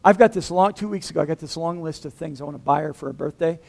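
A man preaching a sermon as pastor, in a lively, conversational way with humor, acting out dialogue in different voices. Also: a little high, fast, vocal fry.

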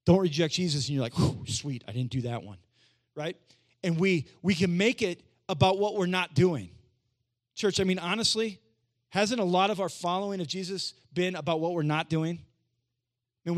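Male pastor, sermon, fairly high voice, casual preaching, quiet then loud bursts. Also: brisk. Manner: conversational preaching, repeats phrases, frequent "right?"; swings between quiet and loud emphasis.

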